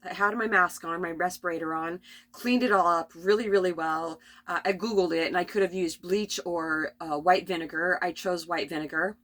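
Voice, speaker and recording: A middle-aged woman rambling through a spontaneous spiritual vlog from her RV, tired and coughing, with many restarts and soft laughs. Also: fairly low pitch, fairly even intonation, normal speed. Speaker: vlogger. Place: at home in an RV.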